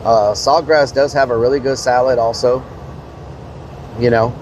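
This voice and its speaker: A man's voice: medium pitch, steady tone, moderate pace, a little mellow, slight background noise. A man, a streamer casually telling a rambling story to his live chat, full of fillers and mild swearing.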